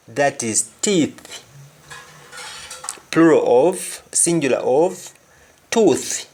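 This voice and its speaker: Slow-speaking Jamaican man teaching. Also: fairly high pitch, lively intonation, darkish tone. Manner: repeats each phrase deliberately, then translates. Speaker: language teacher. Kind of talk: language lesson.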